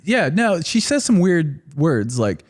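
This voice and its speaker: A man in his thirties telling a story in relaxed, rambling casual chat as a podcast guest, often laughing and saying "like". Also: a little high, takes it slowly. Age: 30s.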